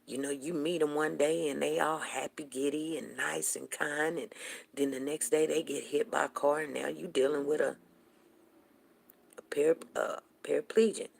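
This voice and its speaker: A woman in her forties hosting a show, telling a long personal story to her viewers in a chatty, animated way with quick laughs. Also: low voice, creaky. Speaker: show host.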